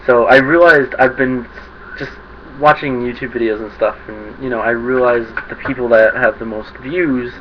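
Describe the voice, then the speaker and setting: A young man rambling to the camera in a casual vlog, self-conscious and quick to laugh at his own slips. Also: medium pitch, steady tone. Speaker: vlogger. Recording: dull lo-fi webcam audio with faint hiss.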